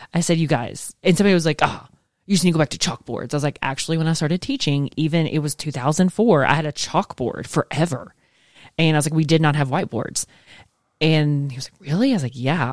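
A woman's voice: low voice, a little mellow, no room sound, studio quality. A woman in her forties, a schoolteacher co-hosting a casual chat show, chatty and laughing, swearing casually. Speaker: co-host, schoolteacher.

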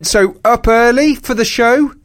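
A man hosting a podcast who asks quick, teasing questions in casual chat. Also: very high-pitched, no echo, clean studio sound. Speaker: podcast host.

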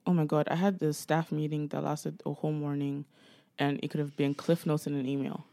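A young woman co-hosting a casual podcast chat, telling animated stories and acting out what people said. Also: low-pitched, fairly quick, no echo, clean studio sound. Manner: animated storytelling, acts out quoted dialogue. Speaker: podcast co-host.

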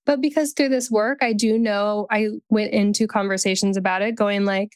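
A woman's voice: medium pitch, steady tone, normal speed, hardly any pauses, clean tone, dry recording. A woman being coached on a podcast, candidly talking through her frustrations and saying "like" often. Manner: candid, venting, says "like" often. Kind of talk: casual coaching conversation.

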